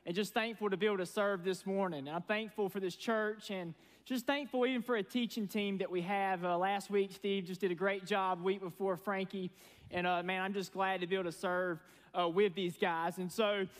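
A man preaching a sermon as pastor, folksy and energetic with sarcastic asides. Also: high voice. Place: church sanctuary. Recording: long reverb from a church hall.

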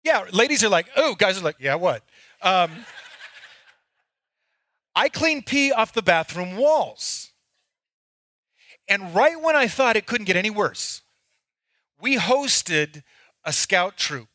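A male pastor preaches with a ringing, high voice and pokes fun at himself as he tells his stories. His sound is close and dry, with no room around it. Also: big pitch swings, slow, long pauses, pushed and bright, no echo. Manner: candid, self-mocking storytelling. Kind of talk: sermon.

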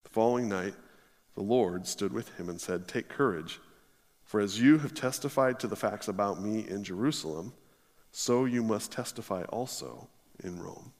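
A man preaching a sermon, reading scripture aloud and then expounding on it with emphatic, drawn-out stresses. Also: fairly low pitch, long reverb tail.

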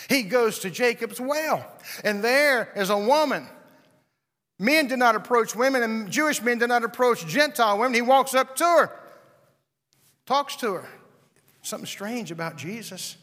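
A man preaching in a church sanctuary, his high voice carrying a long reverb through the hall. He is dramatic, sinking to near whispers and then climbing to ringing shouts. His tone is bright and forceful as he acts out the characters in his story. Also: big pitch swings, normal speed. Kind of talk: sermon.

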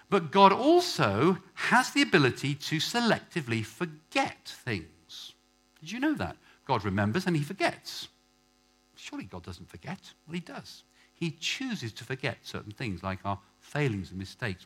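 A male pastor preaching a sermon, swinging from quiet asides to loud, emphatic lines and calling out questions to the congregation. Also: medium pitch, husky. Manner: calls out questions for the congregation to answer.

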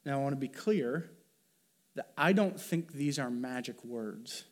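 A man's voice: mid-range voice, expressive, measured pace. A man preaching a sermon as pastor, talking in an earnest, conversational way with fillers and restarts.

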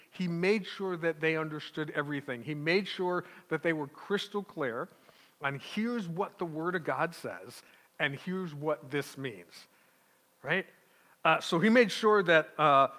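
A man with a fairly high, sharp-toned voice preaches a sermon as a pastor, speaking conversationally with asides and restarts. He's in a church sanctuary, and the recording carries a long church reverb.

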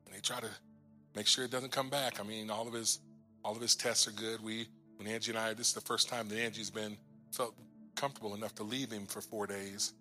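A man in his forties tells a personal testimony to a church congregation. His voice is bright and forward, and he acts out each exchange as he tells it. His tone sinks low and quiet at the emotional turns, with soft music faintly underneath. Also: flat delivery, fairly quick. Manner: storytelling, acting out his own lines and others' in the retelling. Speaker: guest minister.

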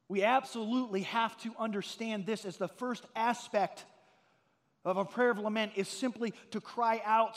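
High-voiced pastor preaching in a reverberant hall. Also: male voice. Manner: earnest storytelling, rising to loud emphatic peaks. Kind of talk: sermon.

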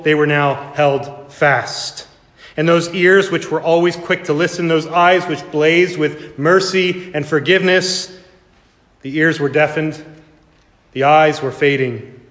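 Man preaching in an echoey hall. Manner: dramatic preaching, swells high and loud then drops to a hush. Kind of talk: sermon.

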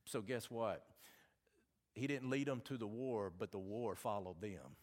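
The preacher, a Southern man with a fairly low voice, keeps a measured pace as he reads scripture. He punctuates his sermon with spirited, folksy asides aimed at the congregation.

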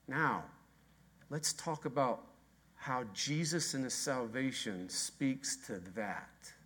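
A male pastor delivering a sermon with a bright, forceful tone. He drives his points home with repeated phrases and rhetorical questions, swinging between quiet asides and rising intensity. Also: mid-range voice, lively intonation, slow, husky. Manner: emphatic, repetitive rhetorical questions.

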